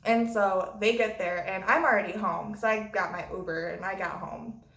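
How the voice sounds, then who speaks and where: A woman's voice: mid-range voice, moderate pace, fairly bright tone. A woman vlogger telling a story in a blunt, profane way. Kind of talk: storytime vlog. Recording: roomy echo.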